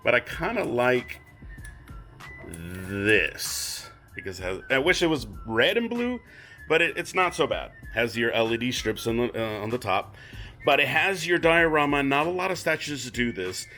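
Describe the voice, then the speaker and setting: A man casually showing and talking about his statue collection, rambling and retelling conversations with lively quoted voices. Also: medium pitch, measured pace, faint music behind. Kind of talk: casual unboxing vlog.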